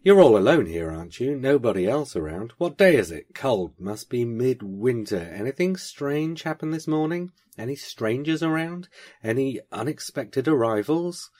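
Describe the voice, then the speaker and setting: Reading aloud in a low, husky, darkish voice, a man plays an eccentric, posh male stranger who fires off rapid, clipped questions and answers them himself. The delivery is animated, with a quizzical mood.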